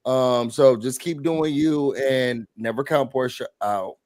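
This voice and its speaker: A man's voice: mid-range voice, slow pace, darkish tone, no room sound. A man hosting a live recap, reading out viewer comments and retelling scenes in a laid-back way.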